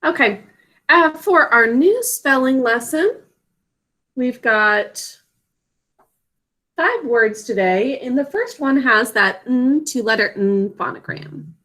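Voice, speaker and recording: Slow, patient woman teaching spelling online. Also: high voice, expressive, sharp tone. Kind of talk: online spelling lesson for children. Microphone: video call.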